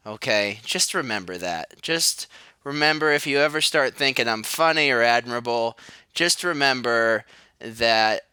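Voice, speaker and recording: A man's voice: mid-range voice, clean tone, no room sound. A man, rambling through a solo podcast monologue, sardonic and self-mocking. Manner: sardonic, self-mocking, shouts mock cries. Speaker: podcast host.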